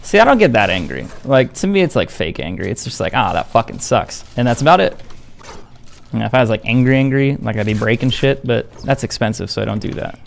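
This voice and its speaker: A man's voice: mid-range voice, lively intonation, quick pace, creaky, slight background noise. A young man streaming a game, talking casually to his viewers in a blunt, defensive, profane way. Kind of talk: casual live-stream chat.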